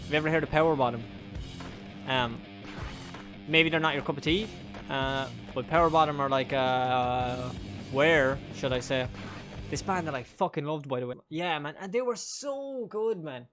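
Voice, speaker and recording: Irish guy from monaghan streaming a game, kinda high voice, rambly and sweary, game music faint behind. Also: moderate pace. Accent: Irish, County Monaghan. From Ireland. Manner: rambling and chatty, swears, laughs often. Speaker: gaming streamer. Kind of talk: casual chat while playing a game.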